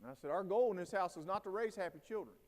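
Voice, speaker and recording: A man in his forties speaks at a teacher training day, his voice pitched high for a man. He tells family stories and acts out the quotes with animation. His words ring out with a long reverb in a large hall. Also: animated, racing. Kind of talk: conference talk to educators.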